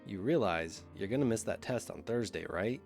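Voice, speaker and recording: A man's voice: fairly low pitch, expressive, moderate pace, a little mellow. A man playing a teasing teenage boy. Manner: teasing, laid-back. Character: joking teenage boy best friend. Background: music.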